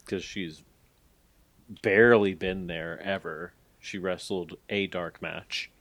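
A man's voice: low voice, fairly even intonation, takes it slowly, fairly bright tone. A man co-hosting a podcast, recapping a story in a rambling, hedging way with lots of fillers. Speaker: podcast co-host. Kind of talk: casual podcast chat.

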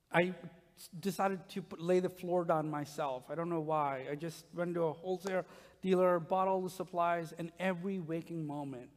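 High-voiced pastor preaching in a reverberant hall. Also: male voice. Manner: animated, humorous storytelling to a congregation. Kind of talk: sermon with personal stories. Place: church sanctuary. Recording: long reverb of a large hall.

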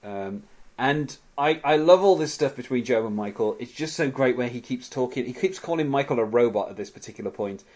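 A chatty male podcast host who walks through scenes of an episode in a loose, casual recap. He laughs often as he goes, and his voice sits at a middling pitch. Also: expressive, a little fast, a little mellow.

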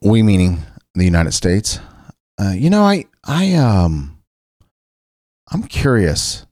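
A man's voice: lowish voice, huge pitch swings, slow pace, darkish tone, dry recording, clean studio sound. A man from Cincinnati, Ohio, hosting a casual solo talk show, rambling loosely with frequent restarts. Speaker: podcast host.

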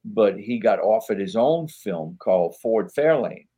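A man's voice: on the low side, animated, a little slow, mellow, slightly rough. A man, a podcast guest rambling through anecdotes with lots of fillers and voicing the people he quotes. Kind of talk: casual interview storytelling.

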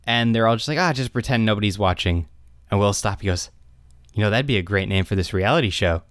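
A man's voice: fairly low pitch, fast talker, no room sound, studio quality. A young man co-hosting a podcast, casually retelling a TV episode and jumping into the characters' lines. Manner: animated retelling, quotes characters in raised voices. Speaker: podcast co-host recapping a show. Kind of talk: casual chat.

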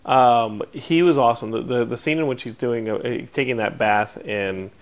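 A man's voice: mid-range voice, normal speed. A man hosting a podcast in casual chat, upbeat and full of fillers and restarts. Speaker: podcast host.

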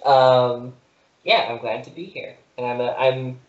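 A young adult student co-hosting a radio talk show, talking in a hesitant, rambling way from a small nook at home. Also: male voice, mid-range voice, a little slow. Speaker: co-host, student. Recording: echoey room, muffled lo-fi audio.

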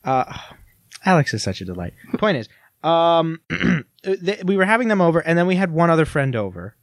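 Young male podcast co-host, slightly high voice, chatty and self-deprecating. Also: very animated, normal speed, no echo, clean studio sound. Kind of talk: casual chat.

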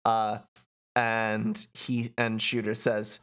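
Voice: mid-range voice, expressive, moderate pace, a bit bright, soft background music. A player reading a game script aloud in a casual read-through, laughing often.

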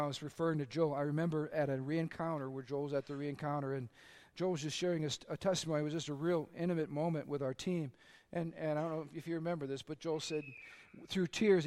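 High-voiced earnest preaching man. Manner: earnest storytelling preacher, drops low and quiet for confessions, lifts for punchlines. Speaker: pastor. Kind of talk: sermon.

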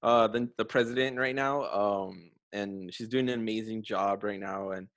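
A man's voice: on the low side, steady tone, moderate pace, a bit bright, no echo. A young man hosting a casual conversation, chatty with many fillers and frequent laughter.

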